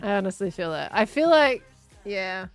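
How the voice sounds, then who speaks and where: A woman's voice: mid-range voice, very animated. Australian woman, young adult, casual stream chat, faint background music. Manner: chatty, laughs easily, halting restarts. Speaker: streamer and host. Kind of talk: casual chat while gaming.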